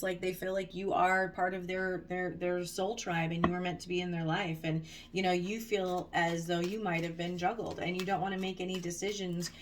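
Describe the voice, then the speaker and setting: A woman with a fairly low voice talks through a tarot reading in a loose, conversational way. She rambles, restarts sentences and fills gaps with "um" and "you know." Faint noise sits under her voice. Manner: chatty, digressive, many fillers and restarts. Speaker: tarot reader.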